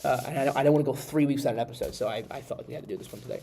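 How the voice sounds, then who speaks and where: A man's voice: medium pitch, very fast, vocal fry, a little hiss or hum. A congested, slightly nasal man hosting a podcast, chatting casually about football with many restarts. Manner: rambling, animated, many restarts. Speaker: podcast host. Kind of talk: casual sports chat.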